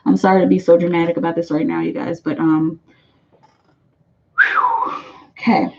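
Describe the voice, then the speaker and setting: A woman's voice: lowish voice, little pitch movement, fast talker, gravelly, dark tone, dull audio. A woman giving a live tarot reading to her viewers, emphatic and affectionate, repeating her phrases for weight. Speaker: tarot reader.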